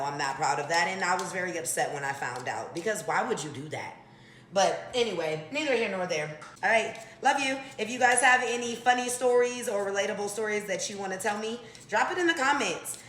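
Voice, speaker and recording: A woman telling a funny story to her viewers in a casual, animated way. She swears freely and talks straight to the audience. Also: mid-range voice, slight background noise. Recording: echoey room.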